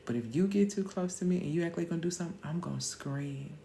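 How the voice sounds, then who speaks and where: A woman's voice: on the low side, expressive, very fast, dark tone, a little hiss or hum. A woman in her thirties hosting a live-stream motivational talk, emphatic and slangy, firing off rhetorical questions.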